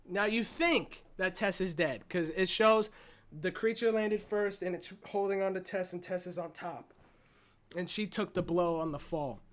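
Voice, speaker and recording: High-voiced excitable man ranting about a movie. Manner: excitable, profane, rambling retelling. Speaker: movie reviewer. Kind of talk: casual movie review vlog.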